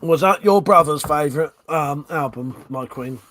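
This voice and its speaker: A man's voice: fairly high pitch, moderate pace, fairly bright tone. A man hosting a livestream, casually chatting, reading viewer comments and laughing often through crude banter. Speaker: livestream host.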